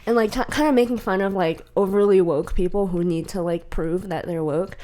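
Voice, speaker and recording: A woman's voice: mid-range voice, a little fast, warm tone. A young woman co-hosting a podcast in casual chat, rambling with frequent laughs and acting out quoted exchanges. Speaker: podcast co-host.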